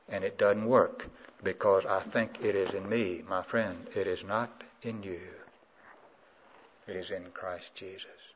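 A man preaches with a call-and-response rhythm, urging listeners to answer back. His voice dips low and quiet, then climbs loud and high on key words. The old recording sounds dull and muffled. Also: fairly even intonation, measured pace. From South Carolina. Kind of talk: sermon.

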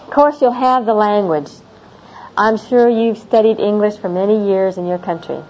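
A middle-aged woman speaks to a classroom of students in a mellow, relaxed voice, chatty and given to repeating herself. The recording is dull and lo-fi, with a faint hiss and room sound behind her. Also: medium pitch, normal speed. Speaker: teacher of international students. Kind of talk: classroom talk on American customs.

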